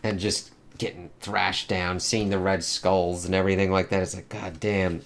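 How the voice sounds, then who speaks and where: A man with a lowish voice talks through a comic book in a loose, unscripted way. He swears freely and keeps reaching for fillers as he goes. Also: level tone, moderate pace. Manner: rambling, profane, many fillers. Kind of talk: casual spoken review.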